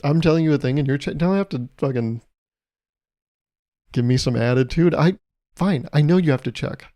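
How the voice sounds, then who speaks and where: Mellow-voiced man ranting on his podcast. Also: fairly high pitch, moderate pace, no room sound. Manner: animated, exasperated rants with swearing and laughs. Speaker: podcast host. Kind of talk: casual comedic storytelling monologue.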